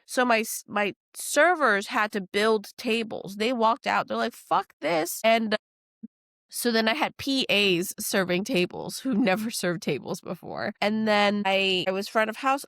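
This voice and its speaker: A woman from New Orleans, a guest chef telling stories in a casual podcast chat. She swears freely and acts out other people's lines with lively quoting. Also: mid-range voice, no room sound, clean studio sound. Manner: animated storytelling, acts out quotes, swears freely.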